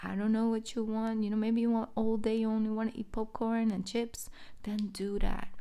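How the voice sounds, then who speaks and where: Soothing woman with a gravelly edge. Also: on the high side, little pitch movement, moderate pace. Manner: soothing, reassuring, chatty with soft whispered asides. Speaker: tarot reader. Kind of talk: casual tarot reading monologue.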